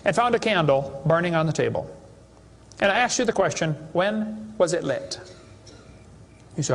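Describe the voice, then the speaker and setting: A man's voice: high voice, big pitch swings, moderate pace, long reverb tail. A man giving a creationist seminar lecture to an audience, sarcastic and mocking as he tells stories.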